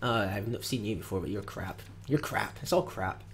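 A young man with a fairly low voice hosts a game video, opening card packs at a moderate pace. His casual commentary is dry and grumbling, full of jokey asides, over slight background noise.

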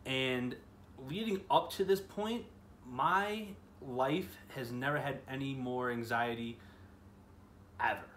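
A man's voice: mid-range voice, slow, fairly bright tone, a little hiss or hum. Earnest young man, casual devotional talk. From Chicago area, US. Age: 20s. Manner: earnest, chatty, full of "you know" and "like". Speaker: youth ministry speaker.

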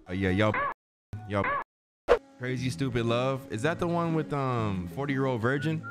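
Loud music sits behind this young man's medium-pitched voice as he gives laid-back gameplay commentary on his stream. Keeping a measured pace, he rambles in slang, reads the game's lines out loud, and can't stop saying "bro."

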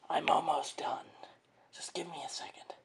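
A performer voicing a male Boo ghost in a whispered role-play, with a raspy, creaky whisper and an eager, stammering way of talking. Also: medium pitch, far from the mic. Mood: impatient. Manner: eager, stammering and easily hurt. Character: bored male Boo ghost, proud of his costume.

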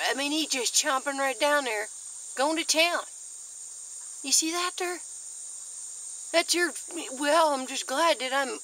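Folksy woman vlogger, bright and somewhat high-pitched, chatty and easily excited, filming close up outdoors in her garden. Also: a little hiss or hum, poor audio. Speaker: nature vlogger. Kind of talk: casual nature walk-and-talk.

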